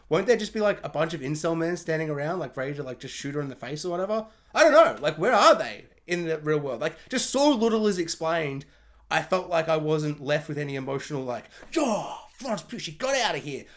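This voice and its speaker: A man giving a casual spoiler film review, rambling with lots of "like" and firing off questions. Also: a little high.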